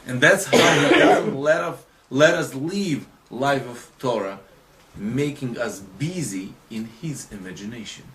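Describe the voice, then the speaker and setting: A man with a middle-pitched voice leading a religious lesson in non-native English. He speaks emphatically and keeps asking his listeners if they follow. A faint hiss lies under the recording. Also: unhurried, a bit bright. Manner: emphatic, often asks the listeners questions. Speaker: Torah teacher.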